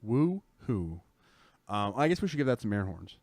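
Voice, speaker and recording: A man co-hosts a live gaming podcast, rambling enthusiastically in casual chat and correcting himself as he goes. His voice is fairly low, sing-song, and fast.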